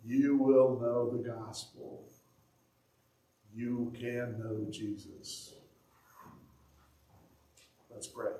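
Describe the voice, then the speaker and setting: A man's voice: mid-range voice, flat delivery, extremely slow, dark tone. A man preaching a sermon as pastor, earnest and plain-spoken, with a dry sarcastic streak. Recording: echoey room, voice from a distance.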